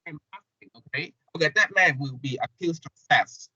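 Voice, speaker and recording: A man teaching an English grammar lesson, halting and repeating phrases with many fillers. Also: on the high side, sharp tone, slightly rough, dry recording. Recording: dull lo-fi classroom recording.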